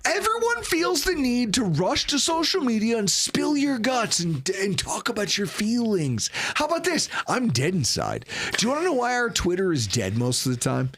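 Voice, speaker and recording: A man's voice: high voice, sing-song, normal speed, hardly any pauses, a bit bright, slightly rough. A man hosting a sports podcast in a studio, ranting sarcastically. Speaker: podcast host.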